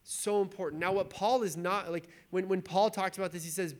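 A man with a notably high voice gives a sermon in a church. He reads scripture aloud, then talks it through loosely and conversationally, full of "like" and "right?". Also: steady tone, a little fast. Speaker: preacher.

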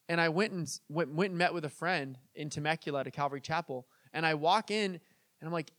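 A man's voice: fairly high pitch, fast talker, a bit bright, no echo, clean studio sound. A young man preaching a casual, conversational sermon as pastor, telling stories and acting out the people he quotes. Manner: chatty, storytelling, acts out quoted voices.

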